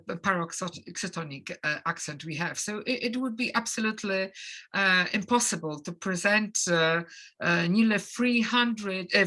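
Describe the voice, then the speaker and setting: A woman from Poland with a Polish accent, giving an academic lecture in English as a non-native speaker, pausing often with fillers and restarts. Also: medium pitch, bright, forceful tone. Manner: hesitant, many fillers and restarts. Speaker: conference lecturer.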